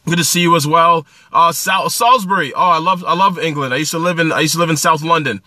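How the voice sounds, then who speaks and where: A man's voice: a little high, fairly even intonation, fast, sharp tone, no room sound. A man from New Jersey hosting a casual phone livestream, greeting viewers by name in an upbeat, coaching way. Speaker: livestream host.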